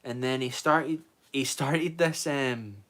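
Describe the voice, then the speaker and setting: A young Scottish man talks loosely on a livestream, answering his chat with a rambling, easygoing flow. His voice sits at an ordinary middle pitch for a man. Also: takes it slowly, a bit bright. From Scotland. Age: 20s. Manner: rambling, reads out viewer comments and answers them. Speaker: streamer.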